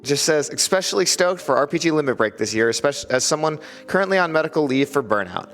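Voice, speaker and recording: A man's voice: fairly high pitch, lively intonation, fast, a bit bright, faint music behind. Man reading donations with long reverb. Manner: friendly, thanking donors. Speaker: donation reader. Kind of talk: reading donations aloud on a charity stream.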